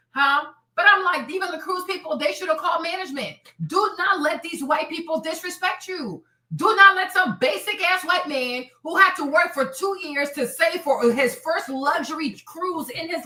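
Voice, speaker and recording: A woman's voice: high voice, sharp tone, roomy sound. A woman hosting a live stream, ranting in a heated, profane, repetitive way. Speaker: streamer host.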